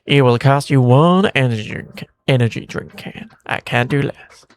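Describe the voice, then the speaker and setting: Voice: mid-range voice, normal speed, slight background noise, lightly acted. A streamer voicing a robot merchant in a game, with a put-on cowboy drawl. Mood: haggling.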